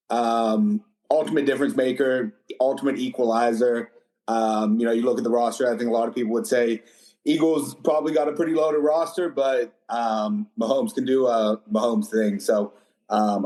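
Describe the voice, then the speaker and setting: A man, a guest on a sports panel, giving a relaxed, offhand answer with many pauses. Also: mid-range voice. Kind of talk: casual sports chat. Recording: echoey room.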